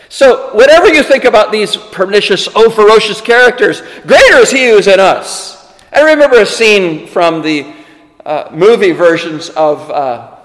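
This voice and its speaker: A male preacher delivering a sermon with emphatic, animated phrasing and chatty asides. His voice is high for a man, and it carries a long reverb, as if he is in a large hall.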